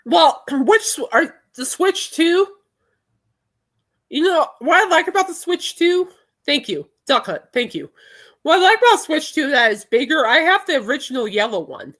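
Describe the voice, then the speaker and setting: A woman's voice: sits high, very animated, normal speed, a bit bright. A young adult woman hosting a podcast in casual chat, rambling and laughing often. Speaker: podcast host.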